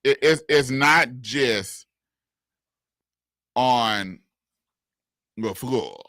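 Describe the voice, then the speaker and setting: A man co-hosting a sports talk radio show, talking casually and excitedly, often repeating words. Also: medium pitch, drawn-out words, no echo. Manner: animated, laughing, repeats words, southern US slang.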